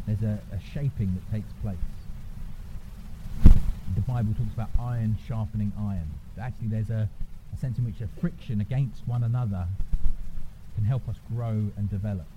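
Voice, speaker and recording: A man giving a conversational sermon, informally checking in with his listeners. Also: fairly low pitch. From England. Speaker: preacher. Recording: noisy church recording.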